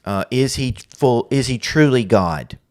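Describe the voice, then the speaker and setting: A man hosting a podcast, explaining church history and theology in a casual teaching chat with quick asides. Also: medium pitch, lively intonation, no room sound, studio quality.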